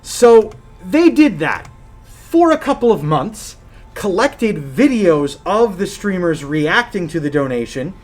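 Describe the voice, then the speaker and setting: A man co-hosts a live gaming podcast in loose, joking chat. His voice sits high and swings up and down a lot. He curses offhandedly and teases his co-host. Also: slow pace. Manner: animated, jokey, swears casually.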